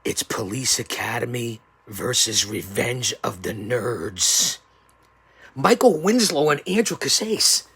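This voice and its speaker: Male show host in wrestling-promo mode: raspy, gravelly, theatrical, jumps between yelling and hushed threats. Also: medium pitch, expressive, normal speed, no echo. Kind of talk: wrestling-style hype promo.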